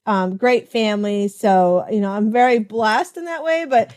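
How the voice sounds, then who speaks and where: A middle-aged woman hosting an interview, effusive and quick to laugh as she chats about family. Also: medium pitch, darkish tone. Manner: enthusiastic, effusive, laughs often. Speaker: host. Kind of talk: casual interview chat.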